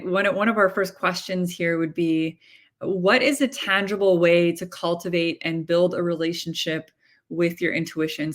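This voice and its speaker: A woman co-hosting a spiritual podcast, asking questions in a measured, earnest way. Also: lowish voice, a bit bright. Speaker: podcast co-host, interviewer. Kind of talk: interview questions.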